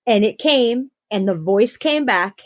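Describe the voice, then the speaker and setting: A young adult woman telling her personal birth story on a podcast, animated and acting out the quotes. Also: a little high, unhurried, dry recording. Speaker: podcast guest.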